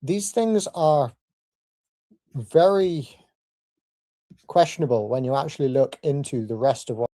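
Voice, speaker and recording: A man giving a formal debate rebuttal in a measured, argumentative way. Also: medium pitch, mellow, no echo.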